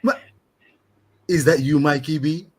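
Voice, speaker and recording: A man's voice: fairly high pitch, fairly even intonation, unhurried, slightly rough. A man co-hosting a casual live-stream chat, playful, wordy and theatrical. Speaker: co-host.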